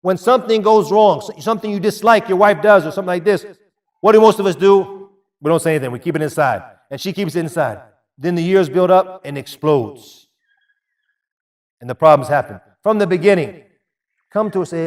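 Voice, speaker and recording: A man preaching a sermon, emphatic and repetitive, dropping into quieter asides. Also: high-pitched, lively intonation, normal speed, recorded from a distance. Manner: emphatic, repeats phrases, drops to quiet asides. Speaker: Islamic preacher.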